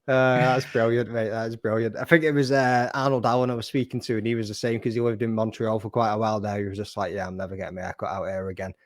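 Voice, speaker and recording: A man's voice: medium pitch, level tone, dry recording, studio quality. A man hosting a casual video-call podcast chat, bantering and swearing freely. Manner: brisk, swearing, calls everyone mate. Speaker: podcast host.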